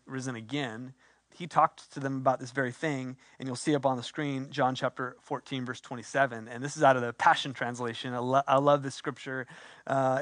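A man preaching a sermon in a conversational, animated way with playful asides. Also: a little high, no echo, clean studio sound. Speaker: pastor.

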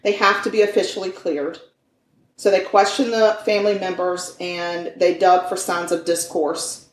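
A woman's voice: lowish voice, little pitch movement, moderate pace, reverberant, distant mic, a little hiss or hum, rough recording. A woman hosting a podcast, telling a true crime case in a conversational way, with fillers and self-corrections. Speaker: podcast host. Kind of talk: true crime storytelling chat.

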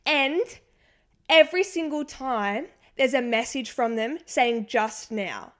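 Young female co-host, casual rambling chat, a bit high-pitched. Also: expressive, slow pace, fairly bright tone. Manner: chatty, rambling with many fillers. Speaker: podcast co-host.

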